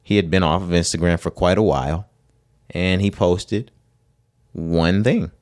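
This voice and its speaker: A young man with a deep, low-pitched voice co-hosts a podcast. He talks in a relaxed, slangy way and laughs easily. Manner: slangy, laid-back, quick to laugh. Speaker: podcast co-host. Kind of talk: casual chat.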